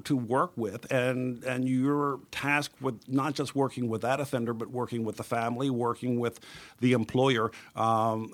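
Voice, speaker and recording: A man hosting an interview, telling stories with emphatic, lively delivery. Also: mid-range voice. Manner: animated storytelling, emphatic.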